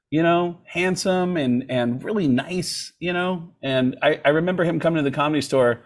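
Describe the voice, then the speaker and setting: Male comedian guest, mid-pitch, lively storyteller on a podcast. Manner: animated, jumps into quoted voices. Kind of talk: casual storytelling. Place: podcast studio.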